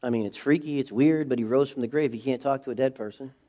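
A pastor giving a sermon, earnest and confessional, swinging from a hushed intimate tone to fervent preaching. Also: male voice, medium pitch, fast talker. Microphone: speaking to a camera.

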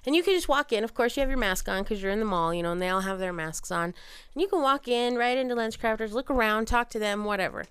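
Higher-voiced chatty woman. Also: fast, clear, resonant tone, no room sound. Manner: chatty storyteller, animated retellings. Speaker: podcast host. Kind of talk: casual chat.

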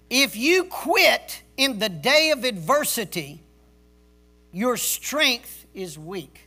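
A man's voice: very high-pitched, very animated, takes it slowly, pushed and bright. A male pastor preaching a sermon in a stern, emphatic way, repeating key words for stress like a drill sergeant. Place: church service.

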